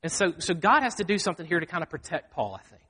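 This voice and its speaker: High-voiced pastor preaching. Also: male voice, sing-song, quick pace, pushed and bright, husky. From Mississippi. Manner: earnest, self-deprecating, acts out quoted speech. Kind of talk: sermon. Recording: long hall reverb.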